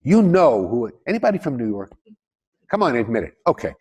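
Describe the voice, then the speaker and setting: Animated male lecturer, lively voice. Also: mid-range voice, fairly quick, slightly rough. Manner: animated, jokey, addresses the audience with questions. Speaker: author giving a lecture. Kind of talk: lecture to a live audience.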